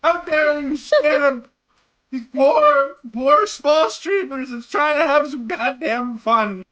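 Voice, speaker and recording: A man streaming a game, ranting in loud, profane mock outrage. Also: very high-pitched, very animated, takes it slowly, lo-fi sound.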